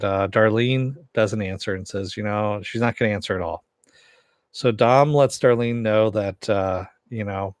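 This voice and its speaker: A man with a lowish voice talks through a TV episode recap in a loose, rambling way, leaning on fillers as he goes. The sound is dry and close, with no room echo. He comes across as a casual reviewer. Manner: rambling, filler-heavy retelling.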